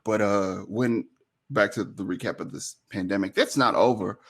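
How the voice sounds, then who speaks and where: A man co-hosting a live online event, chatting casually, laughing often and keeping things lively. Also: on the low side, normal speed. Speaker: event co-host. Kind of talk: casual live-stream chat.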